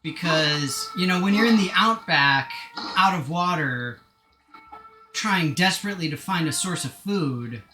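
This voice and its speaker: A man talks his way through a game on a live stream. His voice is bright and forceful, and it swings up and down a lot as he rambles and pokes fun at himself. The room is echoey, with game music running behind him. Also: fairly high pitch, animated, measured pace. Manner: rambling, joking and self-mocking. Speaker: gaming streamer. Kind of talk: casual live-stream chat while playing.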